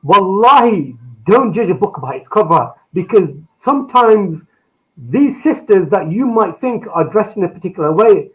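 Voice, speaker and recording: A man's voice: high voice, animated, moderate pace, poor audio. A man on a panel sharing his experience sincerely and a little hesitantly.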